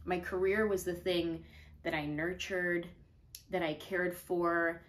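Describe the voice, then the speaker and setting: A woman's voice: lowish voice, little pitch movement, slow. A woman in her thirties, a comedian talking casually to camera in a chatty, earnest way, a little out of breath. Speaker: comedian and video host.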